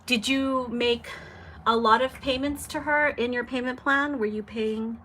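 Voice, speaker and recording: A young adult woman with a slightly high, unhurried voice hosts a laid-back live stream against slight background noise. She chats, reads viewer comments aloud, and reacts animatedly.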